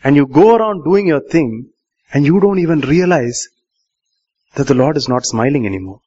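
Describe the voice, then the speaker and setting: A man's voice: on the high side, animated, normal speed, dark tone. A male pastor, preaching a sermon and questioning the congregation, repeating key lines for emphasis. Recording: muffled live sermon recording.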